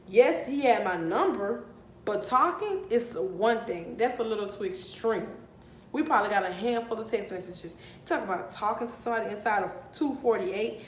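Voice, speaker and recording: Fired-up young woman in an echoey room. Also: moderate pace. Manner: heated, profane, animated retelling. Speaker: vlogger. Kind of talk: storytime vlog. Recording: echoey room with faint rumble.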